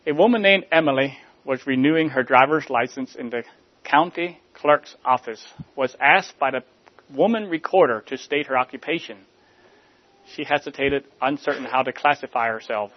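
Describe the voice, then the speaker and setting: A man delivering a sermon in a measured, rhetorical way, letting line endings fall soft. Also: medium pitch, highs cut off. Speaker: preacher.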